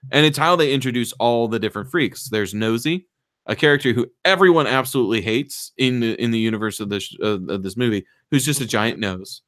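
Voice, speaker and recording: A man on a podcast excitedly retelling a movie plot, acting out the lines in raised voices and swearing freely. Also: medium pitch, fairly quick, no room sound, studio quality. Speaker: podcast co-host. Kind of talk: casual chat, retelling a movie.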